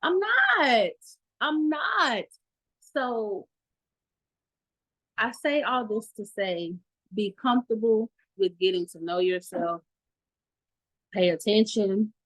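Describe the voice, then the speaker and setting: A woman's voice: mid-range voice, slow pace, long pauses, poor audio. A woman giving a candid testimony in an online meeting, blunt and profane, laughing often. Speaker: meeting participant. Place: video call at home. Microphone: video call.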